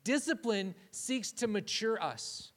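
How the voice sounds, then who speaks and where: A man's voice: high-pitched, lively intonation, slow. A man giving a conversational sermon, often restarting phrases and saying "like". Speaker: preacher.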